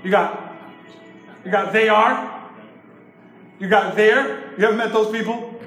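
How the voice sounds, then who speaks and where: A man preaching to a congregation as pastor, lively and joking, calling out for the crowd to respond. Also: high-pitched, slow pace, long pauses. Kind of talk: sermon with humorous stories. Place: church service. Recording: echoey room with music behind.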